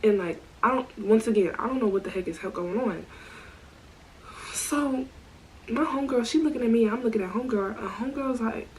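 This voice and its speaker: A woman telling a storytime vlog in a casual, animated way, full of slang and asides. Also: a little high, brisk, slight background noise, rough recording. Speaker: storytime vlogger.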